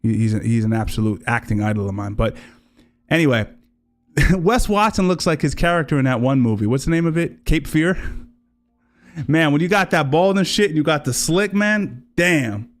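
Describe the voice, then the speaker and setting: A livestream host reacts to clips in a rambling, casual way, swearing and often correcting himself. His voice is fairly high-pitched and animated, at a normal speed.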